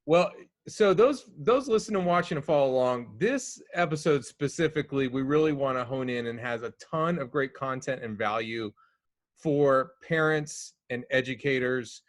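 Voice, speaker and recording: A man's voice: mid-range voice, normal speed, no room sound. A man hosting a podcast over a video call from home, eager and often repeating words as he talks. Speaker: podcast host. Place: home during a storm.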